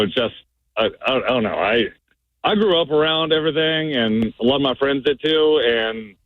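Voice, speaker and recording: A man's voice: medium pitch, no room sound. Stammering male caller on a phone line. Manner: hesitant, stammering, trailing off. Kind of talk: call-in radio talk.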